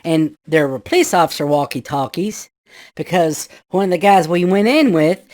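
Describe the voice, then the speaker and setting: A man in his fifties telling a spooky true story in a loose, rambling way, full of "you know" asides, sometimes shouting out what others said. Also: a little high. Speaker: guest storyteller. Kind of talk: casual spoken ghost story.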